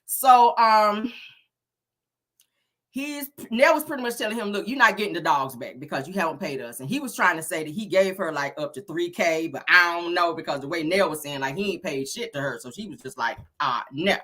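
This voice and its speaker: A woman recapping a reality show episode in a sassy, animated, slang-filled way. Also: fairly low pitch, brisk. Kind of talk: casual chat.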